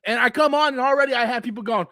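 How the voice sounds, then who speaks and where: A man's voice: very high-pitched, rapid-fire, sharp tone, no echo. A man hosting a casual live stream, heated and profane, who breathes through his mouth and coughs often.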